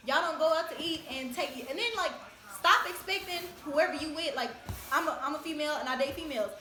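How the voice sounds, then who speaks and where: Fast bright-voiced woman lecturing emphatically. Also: high voice. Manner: emphatic, lecturing, laughs often. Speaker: host. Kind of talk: casual discussion. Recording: echoey room.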